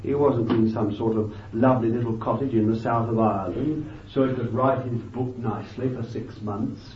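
A man preaching a sermon with fervent emphasis, moving between loud bursts and quiet asides, thinking aloud with restarts and "you see.". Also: mid-range voice, steady tone, normal speed, distant mic, slight background noise. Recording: dull, lo-fi, echoey and off-mic.

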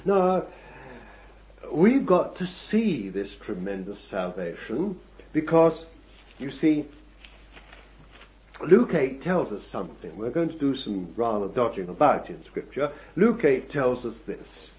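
A man preaching a sermon, with drawn-out emphatic phrasing and asides to the congregation that build to forceful preaching. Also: mid-range voice, sing-song. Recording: dull lo-fi sermon recording.

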